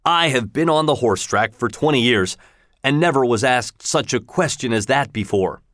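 A man's voice: mid-range voice, expressive, moderate pace, fairly bright tone, no echo, studio quality, close to an everyday voice. A man reading the part of an indignant older colonel who owns a racehorse, exclaiming in outrage and bewilderment. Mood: angry.

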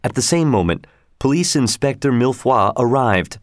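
A man narrating a storybook in a steady, measured reading. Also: medium pitch, no echo, studio quality.

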